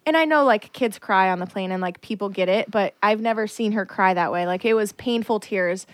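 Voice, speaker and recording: A young woman chats through a long story on a casual podcast, piling on "like" and fillers as she goes. Her voice sits at an ordinary middle pitch. The sound is dry and close, with no room around it. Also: fairly quick, dry recording. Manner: chatty storyteller, lots of fillers. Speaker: podcast co-host. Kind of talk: casual chat.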